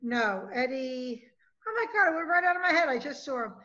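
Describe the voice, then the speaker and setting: A woman's voice: high voice, expressive, brisk, sharp tone, muffled recording. A woman co-hosting a podcast in casual chat, talking in a scattered, forgetful way. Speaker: podcast co-host.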